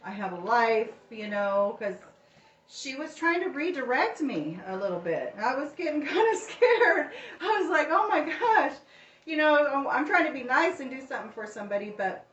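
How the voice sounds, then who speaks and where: A woman's voice: fairly high pitch, a little hiss or hum. A middle-aged woman hosting a home cooking channel, telling a story casually and acting out the dialogue. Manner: chatty, animated retelling with quoted dialogue. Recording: roomy, distant, dull home recording.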